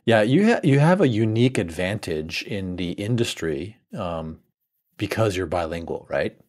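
Low-voiced man hosting a podcast. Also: lively intonation, moderate pace, darkish tone. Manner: brief encouraging interjections and questions. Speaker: podcast host. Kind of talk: casual interview chat.

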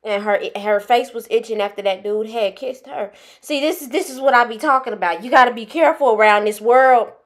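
Give me a high-voiced woman reacting loudly and repeating herself. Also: a little fast, hardly any pauses. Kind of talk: casual reaction commentary.

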